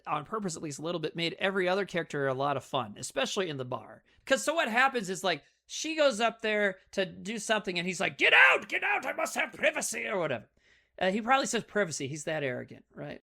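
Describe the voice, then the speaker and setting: A woman's voice: on the low side, quick pace, hardly any pauses. A woman co-hosting a podcast, recapping a movie in casual, profane chat. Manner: animated, profane movie recap full of acted quotes. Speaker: podcast co-host.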